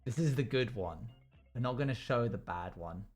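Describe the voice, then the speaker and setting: Soft background music plays as a male streamer chats casually with his viewers, telling rambling anecdotes and acting out quotes in a raised voice. He has a mid-range, darkish voice with lively intonation and a moderate pace.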